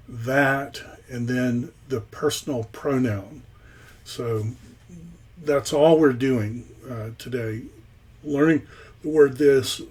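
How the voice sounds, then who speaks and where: A man teaching a Greek grammar lesson in a recorded lecture, halting often with ums and uhs. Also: medium pitch, darkish tone, slight background noise.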